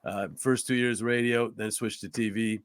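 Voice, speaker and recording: A man in his fifties from upstate New York, a hockey play-by-play broadcaster, shares career stories as a guest on a podcast interview. His voice is fairly low and his pace moderate, captured in a dry recording. Chatty and earnest, he restarts often, drops plenty of "uh"s, and acts out other people's lines by jumping his voice up.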